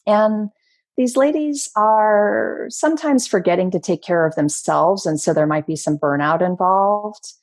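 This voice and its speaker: A middle-aged woman from Maryland, USA, appears as a podcast guest in a casual interview, speaking with passion and motivational energy. Her voice is medium-pitched and measured, with no echo.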